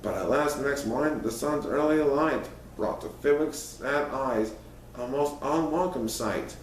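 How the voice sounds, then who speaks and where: A man reads a rhyming picture book aloud in a playful, sing-song cadence. His voice sits at an ordinary pitch and sounds roomy, as if the mic is a few steps away, with a faint hum of ambience behind him. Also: unhurried, distant mic. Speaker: storyteller in a cat costume persona.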